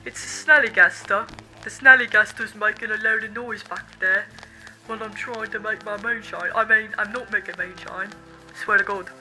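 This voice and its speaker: A woman's voice: mid-range voice, steady tone, normal speed, pushed and bright, faint music behind, poor audio. A woman doing a shifty moonshiner in a mock British accent. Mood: jokey. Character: shifty moonshiner hiding his stills.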